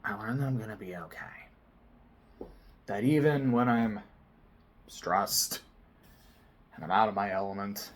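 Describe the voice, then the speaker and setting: A man telling a personal story to camera in a casual vlog, swinging between loud excited bursts and quiet near-whispered asides. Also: on the low side, slow, long pauses. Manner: frequent swearing, casual slang. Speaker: vlogger.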